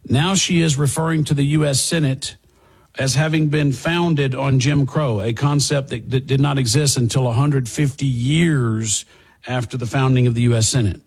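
Husky sarcastic talk radio man. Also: medium pitch, fairly even intonation, moderate pace, a little mellow. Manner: sarcastic, emphatic, repeats phrases. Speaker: radio host. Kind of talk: political talk radio commentary.

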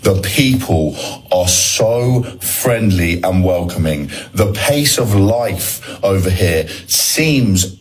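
A man's voice: low voice, slow, poor audio. A man from Britain, chatting enthusiastically in a casual vlog with his partner. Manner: enthusiastic, relaxed. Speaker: visitor sharing impressions.

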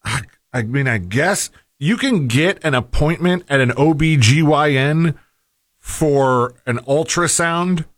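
A man in casual chat, asking slow, hesitant questions. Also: fairly high pitch, no room sound, clean studio sound.

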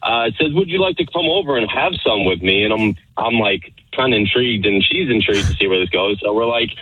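A man's voice: on the low side, lively intonation, fast, a little hiss or hum. A man calling into a radio show, amused and laughing as he tells his story. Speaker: caller. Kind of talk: phone call into radio show. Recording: dull phone line.

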